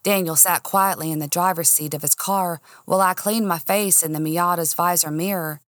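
A woman's voice: fairly low pitch, moderate pace, dry recording, clean studio sound. Woman reading an audiobook cozily. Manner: cozy, expressive first-person reading. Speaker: storyteller. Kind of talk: audiobook narration.

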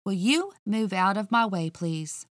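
A woman's voice: mid-range voice, animated, no room sound, studio quality, lightly acted. A woman voicing a flustered young sleuth. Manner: quick and defensive.

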